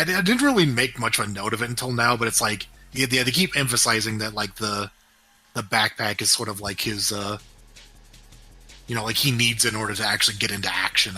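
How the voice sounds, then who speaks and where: A man's voice: lowish voice, moderate pace, sharp tone, breathy edge. A man co-hosting a podcast, chatting casually and rambling through an episode recap with lots of fillers. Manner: rambling, full of fillers and quoted voices. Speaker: podcast co-host. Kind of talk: casual chat recapping a cartoon.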